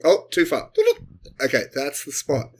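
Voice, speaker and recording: A man co-hosting a comedy podcast, improvising a sci-fi story and jumping into quick character voices. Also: mid-range voice, slightly rough. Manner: animated, acts out characters in quick bursts. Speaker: podcast co-host.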